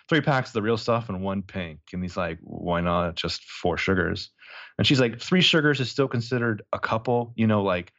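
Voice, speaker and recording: Low-voiced man animatedly retelling scenes. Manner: animated, acts out characters' lines in quick voices. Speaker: podcast co-host recapping a TV episode. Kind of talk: casual chat, retelling scenes. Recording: dull lo-fi sound.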